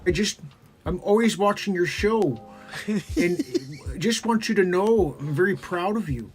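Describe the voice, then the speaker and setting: A man doing a comedic impression of an earnest male professor, praising in a measured way. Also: high voice, animated, faint music behind, pitched above the performer's own voice, poor audio.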